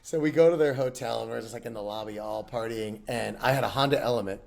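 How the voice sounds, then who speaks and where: A man's voice: mid-range voice, quick pace, gravelly, darkish tone. A middle-aged man chatting casually as a podcast guest, telling rambling anecdotes and laughing often. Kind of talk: casual chat.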